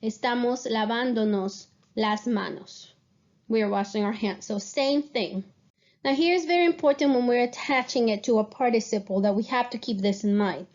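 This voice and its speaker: A woman's voice: on the high side, brisk, darkish tone, lo-fi sound. A woman teaching Spanish grammar to a class, explaining patiently and checking in with her students.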